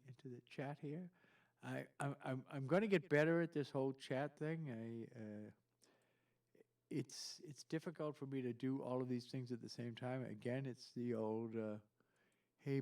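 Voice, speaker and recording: A man's voice: mid-range voice, fairly even intonation, normal speed, a little mellow. A middle-aged man hosting a live stream from his home studio, chatting casually and rambling with self-deprecating asides as he reads viewer comments.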